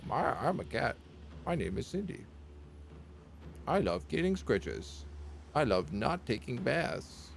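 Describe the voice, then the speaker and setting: A man voicing his shy female house cat in a soft, slow, cutesy voice. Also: medium pitch, big pitch swings, vocal fry, a little hiss or hum, heavily acted.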